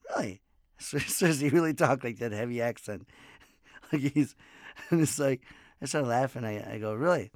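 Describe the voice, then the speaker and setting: A man's voice: mid-range voice, measured pace, pauses often, no echo, studio quality. A man in his fifties, a comedian and podcast host, telling casual stories in a rambling way and laughing often. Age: 50s. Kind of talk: casual monologue. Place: home in Los Angeles.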